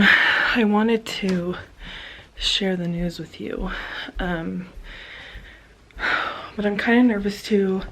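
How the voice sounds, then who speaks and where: A young woman in her twenties sharing personal news in a casual home vlog, halting and hesitant with many fillers, at times dropping to a whisper. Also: medium pitch, a little hiss or hum. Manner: hesitant, many pauses and fillers, soft and emotional. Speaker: vlogger. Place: home, getting ready in the morning.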